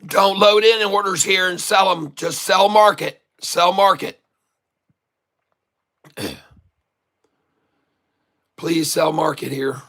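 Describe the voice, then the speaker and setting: Male stock streamer, high-pitched and hoarse, folksy coaching patter. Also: slow pace, long pauses, a bit bright. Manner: folksy, repeatedly calls viewers folks; coaxing, repeats instructions. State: hoarse from long hours of talking. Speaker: day-trading livestream host. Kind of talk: live trading commentary to chat.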